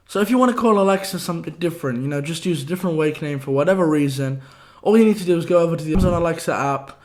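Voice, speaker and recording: A young man with a hoarse voice hosting a casual tech tips vlog, breezy and slangy in quick-fire delivery. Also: a little high, a little mellow. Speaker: tech video host.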